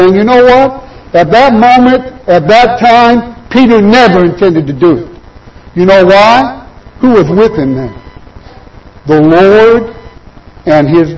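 A man's voice: high voice, a little mellow. A man preaching a sermon who keeps asking the listeners rhetorical questions. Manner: asks the audience many rhetorical questions. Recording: voice picked up from far off.

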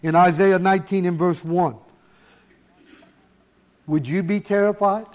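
A man preaching a sermon, emphatic, slowing down to stress key words. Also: high-pitched, fairly even intonation, a little mellow.

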